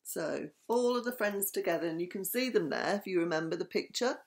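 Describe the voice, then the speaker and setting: An older woman, a grandmother, reading a bedtime story aloud in a gentle, soothing, sing-song way. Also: fairly low pitch, lively intonation, fairly quick, creaky.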